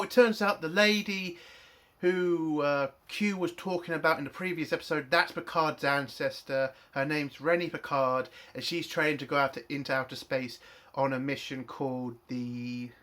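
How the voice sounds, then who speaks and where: A man's voice: a little high, fairly even intonation, normal speed, a bit bright. A man reviewing a TV episode in an angry, profane rant. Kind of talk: spoken TV review.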